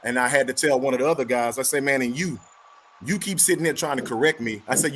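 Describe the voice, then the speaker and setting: Brisk male talker who acts out every voice in his stories; mid-range pitch, faint noise behind. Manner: animated storyteller acting out both sides of a dialogue. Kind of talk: casual chat.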